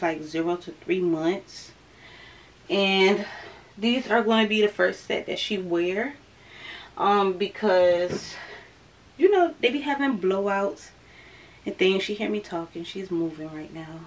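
Girl chatting slow at home, kinda breathless, says y'all a lot, mid-range voice. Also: mid-range voice, a little mellow. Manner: chatty, keeps calling the viewers y'all. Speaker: vlogger. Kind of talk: casual vlog chat to viewers.

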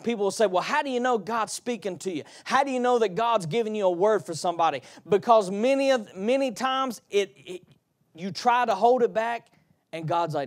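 A man preaching a sermon, calling out to the congregation and swinging between quiet asides and loud emphatic bursts. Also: sits high, moderate pace.

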